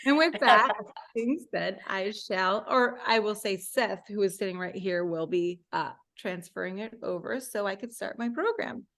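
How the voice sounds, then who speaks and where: A woman presenting a talk with slides over a video call, rambling and warm, with many fillers. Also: mid-range voice, moderate pace. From Florida, USA. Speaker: guest speaker.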